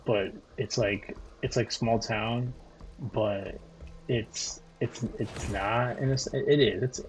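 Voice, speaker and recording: A man's voice: mid-range voice, fairly even intonation, takes it slowly. A man streaming a video game, chatting casually with viewers in a rambling, profane way full of fillers and restarts. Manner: talks back to viewers' chat messages. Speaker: gaming streamer. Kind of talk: casual livestream chat while playing. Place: living in Florida.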